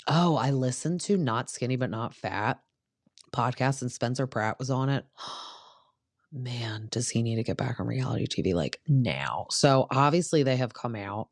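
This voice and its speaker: A woman with an extremely low voice hosts a podcast, chatting casually through a reality TV recap and sprinkling "like" throughout. The studio-quality recording has no echo.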